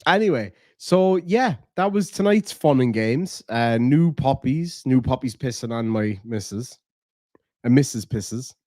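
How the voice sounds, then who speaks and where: A man's voice: medium pitch, lively intonation, measured pace, a little mellow, no echo, studio quality. A man with an Irish accent chatting casually on a live stream, rambling, cursing and reading chat aloud. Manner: rambling, swears a lot, reads chat aloud.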